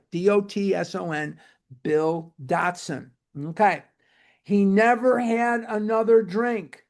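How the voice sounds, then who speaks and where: A man's voice: sits high, darkish tone. A man speaking to a recovery-program book study group in an emphatic, repetitive lecture style. He sometimes spells words out letter by letter.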